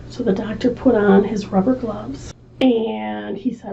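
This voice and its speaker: A woman librarian reading a picture book at a children's storytime, slow and expressive, asking the children questions, on a distant, muffled mic. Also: mid-range voice, creaky, slight background noise. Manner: animated, slow and expressive, asks the kids questions.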